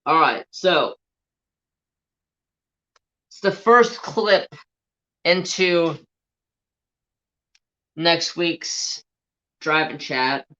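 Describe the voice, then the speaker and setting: A man hosting a craft livestream, casually telling an animated, profane, rambling story to his viewers. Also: a little high, very slow, pauses often, dull audio. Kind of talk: casual live-stream storytelling.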